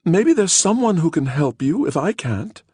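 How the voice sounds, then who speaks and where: A man's voice: on the high side, big pitch swings, normal speed, warm tone, breathy edge, dry recording, studio quality, pitched above the performer's own voice. A man voicing a pitying woman in her fifties. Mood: anxious. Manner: pitying, fussy.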